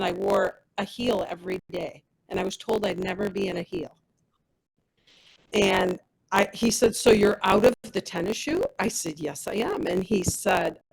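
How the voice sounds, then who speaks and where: A woman's voice: mid-range voice, gravelly, slightly rough, poor audio. A woman giving a personal testimonial as a product rep, telling her story with animation and acting out the dialogue of others.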